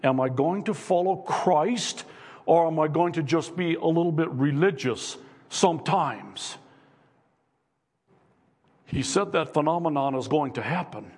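A pastor with a notably high-pitched voice delivers an earnest sermon, hammering home repeated questions to his congregation. His voice carries through a church sanctuary with a long, lingering echo.

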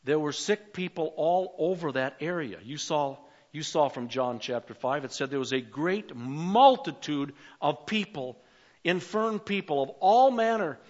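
Older preacher, high voice, lo-fi. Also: male voice, animated, a little slow. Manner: preacherly, rising to emphatic calls and dropping to quiet asides. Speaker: pastor. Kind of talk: sermon.

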